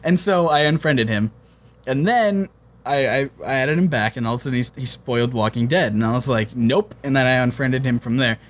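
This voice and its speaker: A man's voice: medium pitch, fairly bright tone. A young man in casual chat, teasing his friend and getting emotional in his retelling. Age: young adult. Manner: teasing, emotive, quick to exaggerate.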